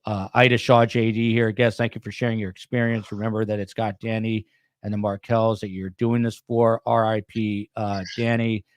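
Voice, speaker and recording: A podcast host with a low-pitched male voice, recorded dry and close. He talks in a supportive, conversational way and leans on fillers as he gathers his thoughts. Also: flat delivery, moderate pace, dry recording. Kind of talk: podcast interview.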